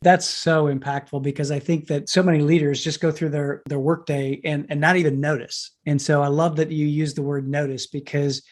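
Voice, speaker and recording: Host reflecting, warmly affirming. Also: medium pitch, level tone, moderate pace, hardly any pauses. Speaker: podcast host. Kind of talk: conversational interview.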